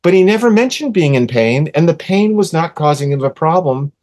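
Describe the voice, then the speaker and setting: A man in his sixties, a podcast guest, telling a personal story earnestly and with animation, softening to a hush when quoting gentle words. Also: fairly high pitch, lively intonation, fairly quick. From USA. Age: 60s. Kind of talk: casual storytelling in an interview.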